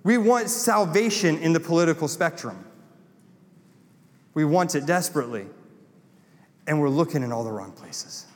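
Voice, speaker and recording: Southern male pastor, impassioned sermon, slightly high voice, long hall reverb. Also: expressive, normal speed, long pauses. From North Carolina. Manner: impassioned, builds to emphatic repeated lines.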